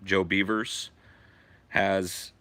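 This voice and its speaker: A man voicing a hesitant chairman reading the agenda at a union meeting, halting and full of fillers. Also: deep voice, flat delivery, sharp tone, pitched below the performer's own voice, heavily acted.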